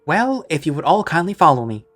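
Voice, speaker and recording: A man's voice: big pitch swings, fairly quick, fairly bright tone, faint music behind. A man putting on a bubbly young stewardess. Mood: cheerful. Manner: high, chirpy and enthusiastic. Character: cheerful young female ship stewardess, bubbly.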